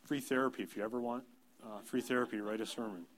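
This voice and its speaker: A man's voice: mid-range voice, steady tone, fast talker. A man in his thirties, a pastor, giving a sermon in a plain, conversational storytelling way, self-deprecating. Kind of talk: sermon with personal anecdotes.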